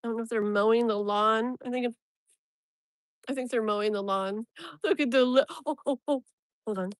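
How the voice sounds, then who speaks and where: Woman, casual live-stream host, chatty and rambling, laughs a lot, slightly high voice. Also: normal speed, no room sound, clean studio sound. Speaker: live tarot reader and streamer.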